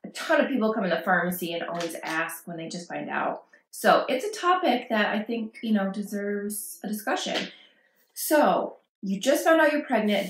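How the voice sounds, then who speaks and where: A woman's voice: mid-range voice, a bit bright, a little hiss or hum. A woman vlogging parenting advice, talking casually and reassuringly to camera and acting out worried quotes. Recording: echoey room.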